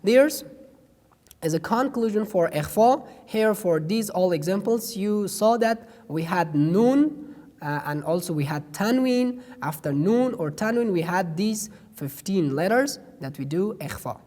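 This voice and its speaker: A slow, unhurried teacher with a mellow, dark tone walks through pronunciation rules in careful. The speaker hesitates often and drags out each example twice. A long reverb trails after every phrase. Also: mid-range voice, expressive. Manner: hesitant, many pauses and fillers, repeats each example slowly. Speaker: Quran recitation teacher.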